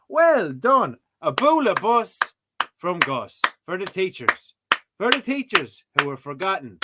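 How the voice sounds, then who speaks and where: A man's voice: high-pitched, heavy background noise. An Irish man giving joking, mock-outraged commentary while he works through a language-learning app. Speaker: streamer playing a language app. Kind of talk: casual comedic commentary.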